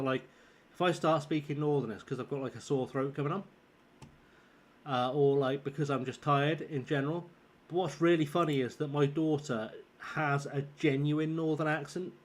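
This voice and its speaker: Tired northern-accented man streaming a game. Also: on the high side. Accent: northern English. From southern England. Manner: chatty, swearing, teasing viewers. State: tired with a sore throat forming. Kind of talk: live gameplay commentary and chat.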